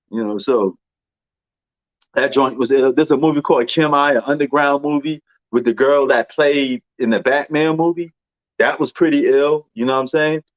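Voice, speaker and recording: A man's voice: on the high side, no room sound. Slangy New York man, dull dry sound. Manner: slangy, rambling, many fillers. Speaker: movie commentator. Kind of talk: casual chat.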